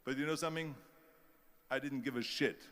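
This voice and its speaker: Speaking with an Austrian German accent, an older man gives a motivational speech, telling stories and acting out the people who doubted him. His mid-range voice is steady and a little fast, with a noisy background and long hall reverb.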